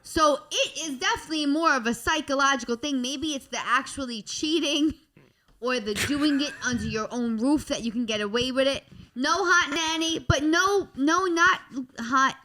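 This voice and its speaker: A woman guest on a podcast, joking and teasing in casual chat and laughing loudly. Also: sits high, moderate pace.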